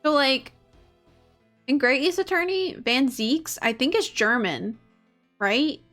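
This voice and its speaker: A woman's voice: high voice, animated, takes it slowly, a bit bright, faint music behind. A young woman streaming a game, rambling casually, swearing and laughing as she plays.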